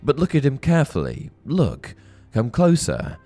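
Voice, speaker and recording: A man voicing an older aristocratic wizard father who urges his son on with eager excitement. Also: on the low side, measured pace, faint music behind, pitched above the performer's own voice. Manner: excited, pressing, urgent.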